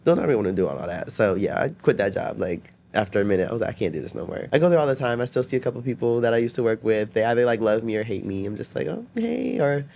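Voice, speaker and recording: A man's voice: lowish voice, rapid-fire, hardly any pauses, a little mellow. A young man telling stories as a podcast guest, chatty, filling his talk with "like" and acting out what people said. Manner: chatty, constantly says "like", acts out quotes. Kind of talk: casual storytelling.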